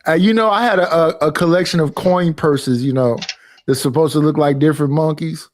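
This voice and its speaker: A man's voice: a little high, a little fast. A man in a casual group chat, joking and talking over others, repeating his words. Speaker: chat guest.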